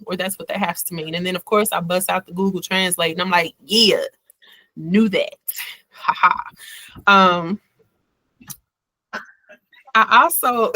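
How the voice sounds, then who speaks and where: A woman's voice: medium pitch, bright, forceful tone, no room sound. A woman hosting a book club over a video call, laid-back and joking in a folksy way. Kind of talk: casual chat.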